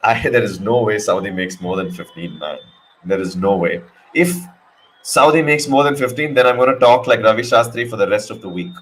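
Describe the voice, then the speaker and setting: A man hosting a casual live cricket watch-along, excitable and joking, cursing freely at the action. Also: lowish voice, a little fast, low-quality recording. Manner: excitable, swears, jokes. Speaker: live stream host.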